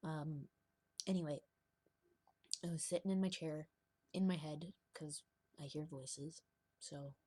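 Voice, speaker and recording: Husky woman rambling in a close vlog. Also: low voice, steady tone, slow pace, pauses often, mellow, no room sound. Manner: rambling, laughing, dropping to whispers. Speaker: vlogger. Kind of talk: confessional casual monologue.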